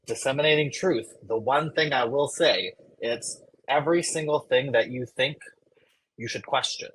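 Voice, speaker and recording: A man co-hosting a fitness podcast who speaks in a measured, coaching way. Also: medium pitch, a bit bright, a little hiss or hum, low-quality recording. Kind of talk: casual podcast chat.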